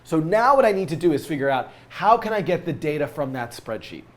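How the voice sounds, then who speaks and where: A man with a slightly high, scratchy voice from a cold talks through a coding tutorial. He thinks aloud as he works, with many fillers and restarts. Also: very animated, brisk.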